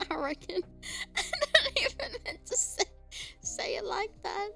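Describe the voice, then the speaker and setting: High, bright giggly Australian woman. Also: slow pace, creaky, faint music behind. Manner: giggly, bursts into laughter and squeals. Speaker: streamer. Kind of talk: casual live-stream chat.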